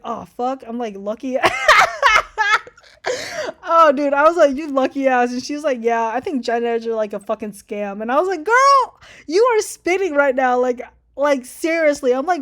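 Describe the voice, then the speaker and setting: Chatty, foul-mouthed young woman, high voice. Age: young adult. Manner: chatty, swears a lot, animated retelling. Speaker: vlogger. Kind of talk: casual storytime chat.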